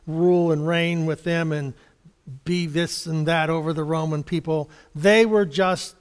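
A man preaching a conversational sermon, reading scripture and explaining it in a halting, chuckling way. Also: on the high side, steady tone, clear, resonant tone, big-room sound. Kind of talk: sermon Bible study.

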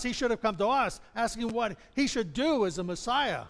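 A man's voice: high voice, animated, moderate pace. A man preaching a sermon, retelling a parable and acting out the characters' complaints with frequent chuckles. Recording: long hall reverb.

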